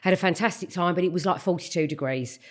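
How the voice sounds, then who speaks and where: A woman's voice: lowish voice, fast. Bawdy middle-aged woman telling stories. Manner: swearing, bawdy, acts out quotes in voices. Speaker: podcast guest. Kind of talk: casual storytelling chat.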